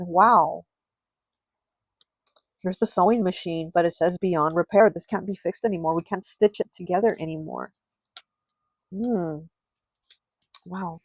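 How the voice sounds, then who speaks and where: A woman reads tarot cards, thinking aloud and often breaking into surprised exclamations. Her voice sits at a medium pitch and frequently sinks to a soft, low murmur. The recording is dry, with little room sound. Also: no echo, rough recording. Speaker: tarot reader. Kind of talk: pick-a-card tarot reading to camera.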